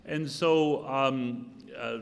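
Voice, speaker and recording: A man's voice: medium pitch, drawn-out words, creaky. An older man, a cardinal, giving informal opening remarks, reflective with dry humorous asides. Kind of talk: informal spoken address. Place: church hall or chapel setting. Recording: long hall reverb.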